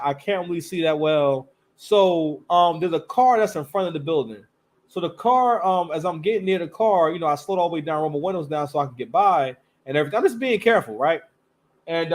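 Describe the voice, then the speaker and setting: A man hosting a live stream, telling stories in a loose, rambling way with slang and restarts. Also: high-pitched. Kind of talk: casual storytelling monologue.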